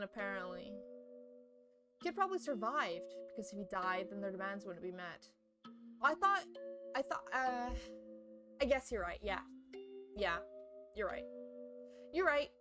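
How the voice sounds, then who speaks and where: A young woman streamer with a playful, giggly way of chatting to her viewers between stretches of reading a visual novel aloud. Her voice sits at an ordinary middle pitch. Soft music plays faintly in the background.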